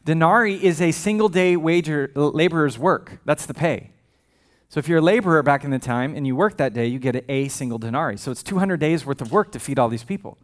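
A man's voice: on the high side, fairly quick. A male pastor preaching a sermon in a conversational, humorous way, with frequent asides.

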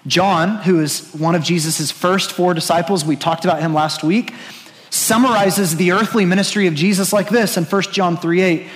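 A man's voice: sits high, steady tone, moderate pace. Earnest preaching man in a reverberant hall. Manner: earnest, urging, conversational with frequent "like". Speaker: pastor. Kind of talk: sermon.

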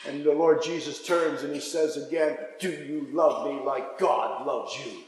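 A man preaching a sermon, impassioned, dropping to a hush and then rising again. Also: fairly high pitch, unhurried. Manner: impassioned, swings from hushed to raised. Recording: echoey hall.

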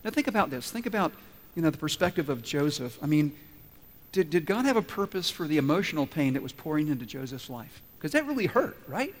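A man's voice: fairly high pitch, big pitch swings, brisk. A man preaching a sermon as pastor, telling stories with acted-out quotes and asking emphatic questions. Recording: long hall reverb.

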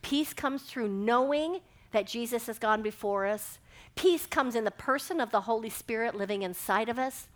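A woman's voice: fairly high pitch, moderate pace. A middle-aged woman giving a sermon, telling a personal story and acting out the dialogue with animation. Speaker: speaker giving a devotional talk.

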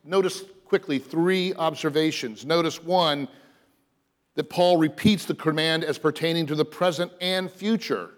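A man's voice: a little high, normal speed. Earnest preacher man in a reverberant hall. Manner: earnest, emphatic preaching with soft dropped passages. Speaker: pastor. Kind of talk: sermon. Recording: long reverb of a large hall.

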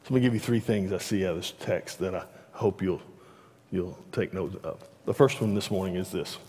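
A man's voice: low voice, fairly quick, a little mellow, in a large hall. A man preaching a sermon in a church, conversational, stumbling over restarts and rising animatedly at key points. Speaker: pastor. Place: church sanctuary.

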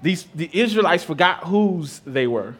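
A man's voice: a little high, animated, unhurried, slightly rough. A man in his thirties, a pastor giving a sermon in a conversational way, mixing scripture with stories about his kids. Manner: conversational preaching with personal stories, rising and dropping loudness.

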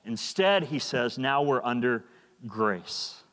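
A man's voice: medium pitch, lively intonation, takes it slowly, a bit bright. A man preaching a sermon in a church, earnest and emphatic, often repeating words. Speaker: pastor. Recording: long hall reverb.

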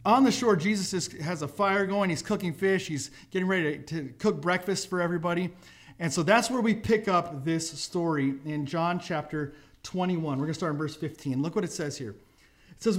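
A man's voice: fairly high pitch, brisk. A man preaching a casual sermon as pastor, telling a story in a conversational way and acting out the quotes. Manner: conversational, acts out quotes with voices.

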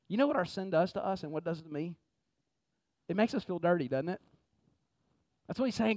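Man, pastor, high voice, dry close sound, lively conversational sermon. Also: fairly quick, long pauses, no echo. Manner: energetic, conversational preaching with frequent "man". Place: church sanctuary.

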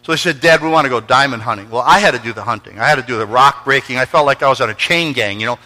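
A man's voice: mid-range voice, racing, bright, forceful tone, big-room sound. A man preaching a sermon, telling stories and acting out voices and sounds. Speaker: pastor. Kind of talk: sermon with storytelling.

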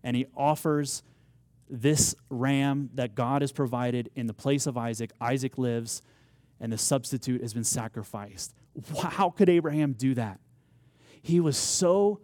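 A man's voice: mid-range voice, a little mellow, no echo. A man preaching a sermon, telling a story with rising emphasis and acted-out quotes. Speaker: pastor.

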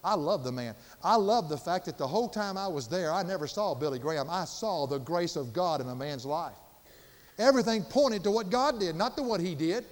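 An older man preaching a sermon with passion, swinging from loud emphasis to hushed, quiet tones. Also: high voice, animated, fairly quick, in a large hall. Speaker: pastor.

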